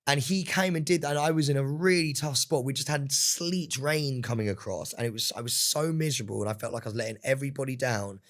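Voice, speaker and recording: A young man, chatting casually as a podcast guest, telling an animated story and calling everyone "mate". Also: medium pitch, quick pace, few pauses. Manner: animated storytelling, swears, says "mate" a lot. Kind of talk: casual chat. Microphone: studio microphone.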